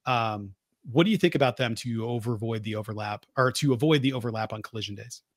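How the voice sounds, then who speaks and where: A man's voice: mid-range voice, quick pace, dry recording, clean studio sound. A man co-hosting a podcast, ranting with exasperation and some stammering in casual wrestling chat. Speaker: podcast co-host.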